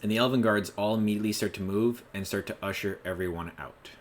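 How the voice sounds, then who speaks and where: A low-voiced man runs a tabletop game as game master, narrating loosely and casually. A faint hum of ambience sits behind his voice. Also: quick pace. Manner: relaxed storytelling with fillers.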